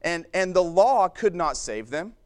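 A man delivering a church sermon in a relaxed, conversational manner. His voice sits slightly higher than most men's, and he often restarts phrases and breaks off to talk to the listeners. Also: a little slow, smooth. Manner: conversational preaching with frequent restarts and asides to the congregation. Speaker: preacher.

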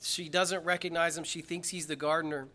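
A pastor preaching a sermon in church, swinging from quiet, slow, earnest passages up to loud emphatic peaks. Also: male voice, a little high, flat delivery.

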